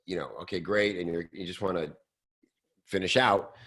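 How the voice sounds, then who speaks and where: A man hosting a show, talking casually and loosely with many fillers and restarts, now and then slipping into quick mock voices. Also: sits low, fairly even intonation, a bit bright. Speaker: host. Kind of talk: casual podcast talk.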